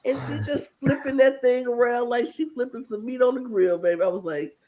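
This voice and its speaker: Animated, storytelling podcast co-host. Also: medium pitch, a little fast, highs cut off. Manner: animated storyteller who acts out quotes. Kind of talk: casual recap chat.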